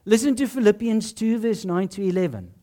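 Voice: mid-range voice, lively intonation, brisk, warm tone. A preacher delivering a sermon in an emphatic style, asking rhetorical questions and landing points in short, punchy phrases.

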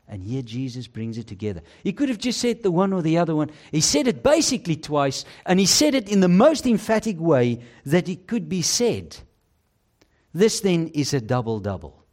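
A man preaching a sermon with emphasis and rhetorical questions, dropping low and quiet to stress key phrases. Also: very animated, moderate pace.

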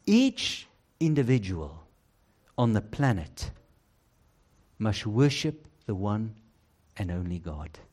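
Slow, lively-pitched male preacher. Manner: emphatic, rhetorical questions, dramatic drops to low quiet phrases. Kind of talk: sermon.

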